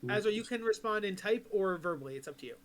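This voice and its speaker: Male DM, high and bright voice, relaxed and quick to laugh while walking players through the rules. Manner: laid-back, laughs often, explains rules patiently. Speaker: game master. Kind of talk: running a tabletop game online.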